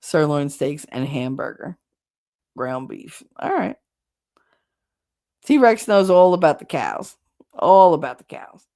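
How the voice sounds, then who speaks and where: A woman with a New Jersey accent hosting a casual livestream chat, chatty and blunt, her voice going hoarse from talking so long. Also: low-pitched, big pitch swings, slow pace, long pauses, mellow. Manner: chatty, rambling, blunt with swearing. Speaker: livestream host reading chat.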